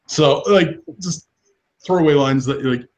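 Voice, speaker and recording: A man's voice: a little high, a little slow, darkish tone, low-quality recording. A young man co-hosting a casual podcast, rambling about movie lines with frequent laughs and restarts. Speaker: podcast co-host. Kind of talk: casual chat.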